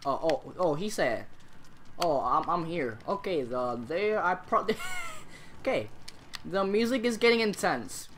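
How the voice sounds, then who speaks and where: A young man with a cold, hosting a gaming channel and giving excitable, chatty let's-play commentary while talking to the game. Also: a little high, unhurried, a little hiss or hum. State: under the weather, coughing.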